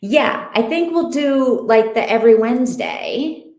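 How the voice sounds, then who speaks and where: A woman's voice: fairly high pitch, lively intonation, a little slow, darkish tone, roomy sound. A woman hosting an online reading group, chatting casually and thinking aloud with many fillers. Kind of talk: casual livestream chat.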